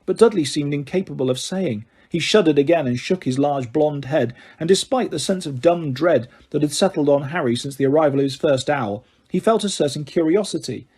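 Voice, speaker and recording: A man reading a novel aloud in a measured storytelling manner. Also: a little high, a little mellow, breathy edge. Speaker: audiobook reader. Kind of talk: novel narration.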